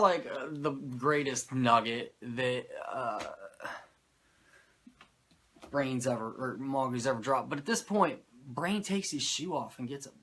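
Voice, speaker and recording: Man, podcast host, casual recap, animated, swears a lot, sarcastic. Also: medium pitch, a little hiss or hum. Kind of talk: casual chat.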